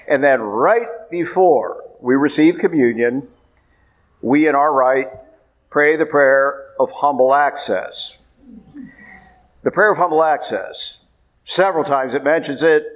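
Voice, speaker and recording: A man preaching a sermon as a priest, emphatic and repeating his points. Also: a little high. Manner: emphatic, repeats points, rises sharply when pressing.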